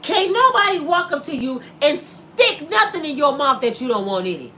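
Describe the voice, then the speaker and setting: A woman's voice: sits high, very animated, moderate pace, sharp tone, a little hiss or hum. A woman in her fifties who hosts her own vlog and delivers a sassy, preachy comedic rant straight at her viewers. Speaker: vlogger host.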